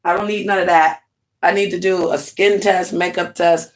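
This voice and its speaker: A woman's voice: on the low side, normal speed. Chatty woman livestreaming from home. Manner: chatty, animated, laughs often, talks to chat directly. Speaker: livestream host. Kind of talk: casual livestream chat.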